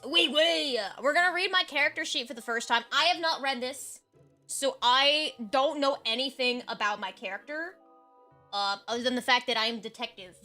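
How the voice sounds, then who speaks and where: High bright woman reading her character sheet, chatty asides, quiet music behind. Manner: chatty, reads aloud with asides. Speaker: streamer playing detective. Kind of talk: casual chat and reading a character sheet aloud.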